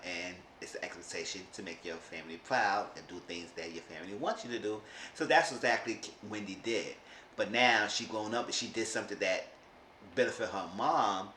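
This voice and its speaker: Male recap vlogger, deepish, rambling delivery, echoey room. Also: a bit bright. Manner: rambling, with frequent restarts. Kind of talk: casual episode recap. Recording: roomy room with faint hiss.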